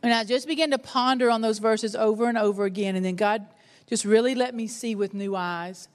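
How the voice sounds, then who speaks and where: Animated woman preaching. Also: a little high, fairly quick, long reverb tail. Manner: animated storytelling, laughs at herself. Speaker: pastor's wife and preacher. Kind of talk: sermon with personal story.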